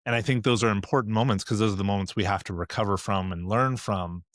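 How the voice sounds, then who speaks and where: A man's voice: fairly low pitch, fast talker, no room sound. Reflective male podcast host, dry sound. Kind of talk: interview hosting.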